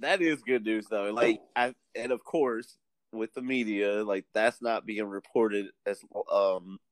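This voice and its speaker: A man co-hosting a casual chat, joking and quick, often laughing between lines. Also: fairly low pitch, no echo.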